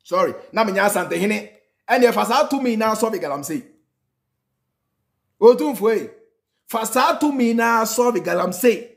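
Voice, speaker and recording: Ghanaian male reaction host, high register, emphatic and repetitive delivery. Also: expressive, moderate pace, creaky, pauses often. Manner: emphatic, mixing in snatches of singing and laughter, repeating lines for effect. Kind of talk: animated reaction commentary.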